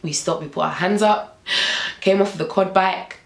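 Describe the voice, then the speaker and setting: A woman's voice: on the low side, normal speed, gravelly, echoey room, poor audio. A young woman vlogger telling a story animatedly, acting out the dialogue.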